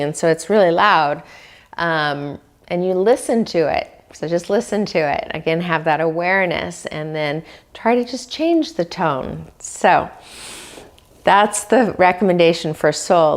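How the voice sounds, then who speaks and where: A woman speaking as a wellness coach in a reflective self-help talk, gentle and questioning the listener as she goes. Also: fairly low pitch. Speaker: dietitian giving wellness tips.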